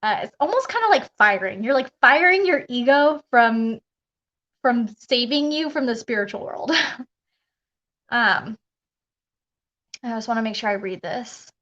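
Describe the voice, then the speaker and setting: A woman's voice: on the high side, lively intonation, measured pace, long pauses, fairly bright tone. A woman spiritual coach chatting casually on a live stream, rambling through her thoughts and laughing often. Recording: dull lo-fi live stream audio.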